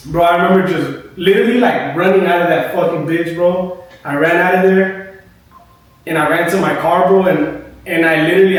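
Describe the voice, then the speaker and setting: A young man, a barber, telling a personal story in loose, casual talk with heavy swearing and "bro" after almost every phrase. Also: fairly high pitch. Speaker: barber and podcast co-host. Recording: echoey room, mic at a distance, light noise.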